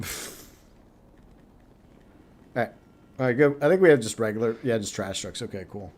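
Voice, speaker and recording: A man hosting a game stream, chatting and speculating about the story in a thoughtful, halting way. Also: medium pitch, darkish tone. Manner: thoughtful, speculating, many restarts. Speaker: streamer host. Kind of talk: casual gaming chat.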